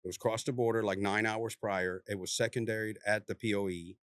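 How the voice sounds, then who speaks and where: A man, a former narcotics task force officer, telling a story in a casual, animated way, laughing often and swearing freely. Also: fairly low pitch, a little fast, no room sound, clean studio sound.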